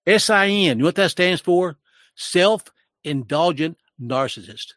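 A man's voice: fairly high pitch, expressive, normal speed, fairly bright tone, no room sound, clean studio sound. An older man in his sixties giving emotional, preachy commentary in a sermon-like style, with his voice rising when he gets worked up.

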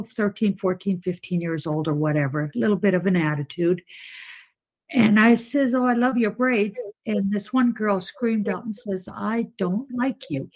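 A woman caller on a live talk show, telling a personal story in an animated way, with many fillers. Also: mid-range voice, rough recording.

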